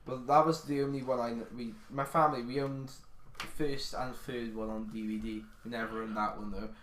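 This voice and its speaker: A man's voice: mid-range voice, fairly even intonation, a little fast, a bit bright, slight background noise. A young man co-hosting a podcast with friends, laid-back and wry. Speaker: podcast co-host. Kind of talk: casual chat among friends. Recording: roomy.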